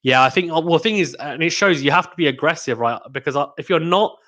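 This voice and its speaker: A man hosting a live tennis watchalong stream, giving excitable play-by-play commentary and reading out viewer chat. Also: a little high, fast. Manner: excitable, rising to exclamations on big points; reads out chat messages to viewers.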